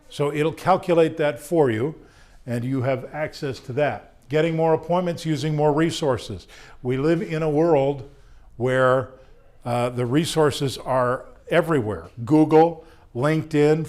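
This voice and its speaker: A man's voice: fairly high pitch, unhurried, darkish tone. Male sales trainer, jokey, upbeat lecture to members.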